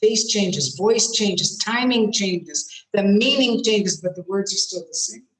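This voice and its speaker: Woman coaching over a video call, emphatic, expressive, mid pitch, roomy echo. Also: slow. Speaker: communication trainer. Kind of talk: interactive online workshop.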